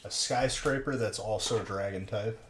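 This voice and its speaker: A man with a lowish voice hosts a casual livestream, teasing and joking back at viewers in chat. He is heard in an echoey room with faint background noise. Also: normal speed. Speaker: livestream host of card box breaks.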